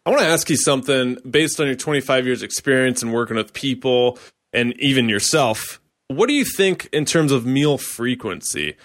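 Casual male podcast host, mid-pitched, loose chatty delivery. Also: animated, normal speed, fairly bright tone. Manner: casual, conversational, filler-heavy. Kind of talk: podcast interview.

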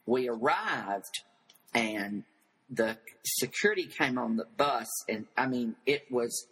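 An older man as an interview guest, telling animated stories and acting out the voices of the people in them. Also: mid-range voice, slow, slightly rough, low-quality recording. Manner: flamboyant storyteller who acts out quoted voices.

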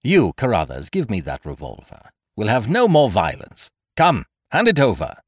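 A man's voice: fairly low pitch, huge pitch swings, normal speed, husky, no echo, clean studio sound, heavily acted. A man voicing a cool, commanding detective who speaks in a cold, clipped way. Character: cool, commanding male detective, middle-aged.

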